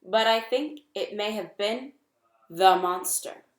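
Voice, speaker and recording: Storybook owl, male, screechy and alarmed, read by a woman; raised pitch, echoey room. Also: takes it slowly, natural voice. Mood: urgent.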